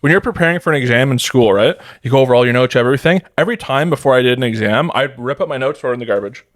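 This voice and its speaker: Man, guest actor, casual chat, rapid, profane, middle pitch. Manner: quick, loose and profane, jumps into stories with acted-out quotes.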